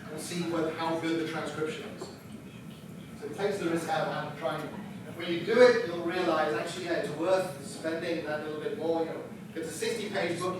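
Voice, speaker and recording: A man's voice: fairly high pitch, noisy background. A man giving an instructional talk on writing a book, chatty with self-deprecating humor. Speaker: book publisher presenting a workshop. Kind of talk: instructional presentation. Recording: echoey room picked up from a distance.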